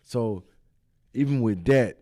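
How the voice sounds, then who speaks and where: A man's voice: medium pitch, slow, dark tone. A man hosting a casual chat, talking in loose, repetitive street slang. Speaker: host.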